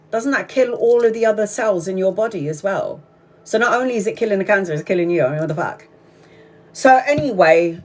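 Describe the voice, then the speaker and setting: A woman tarot reader hosting a live stream, chatting casually, telling a story bluntly with lots of swearing and frequent laughter. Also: medium pitch. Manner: profane, blunt, animated storyteller; laughs often while talking.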